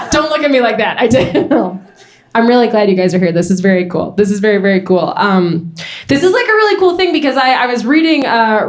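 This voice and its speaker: Animated young woman doing stand-up. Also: on the high side. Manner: animated storytelling, quick asides. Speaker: stand-up comedian. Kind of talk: stand-up set. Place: comedy club stage. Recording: roomy club with faint noise.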